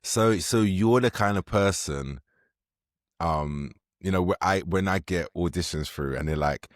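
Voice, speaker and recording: A man hosting a podcast interview, asking questions in a casual, joking way with quick interjections. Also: deep voice, no echo, clean studio sound. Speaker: podcast host.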